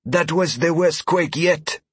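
A man voicing an upbeat young male adventurer companion, speaking in a steady, reassuring way with a husky voice. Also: on the high side, slow, no room sound, pitched above the performer's own voice, full character voice.

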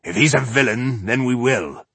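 Brief: a man playing a blunt, mocking dwarf fighter with a husky voice in a storybook reading. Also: medium pitch, normal speed, bright, forceful tone, no echo, voice pushed up. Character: gruff, mocking male dwarf warrior.

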